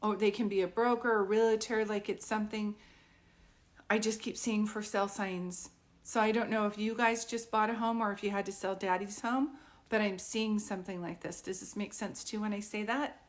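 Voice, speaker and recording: A woman speaks as a psychic medium in a live online group reading. She talks in a loose, conversational way, full of "like" and quick asides. She keeps pausing to ask whether what she says makes sense. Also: mid-range voice, fairly even intonation. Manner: chatty, keeps checking "does this make sense".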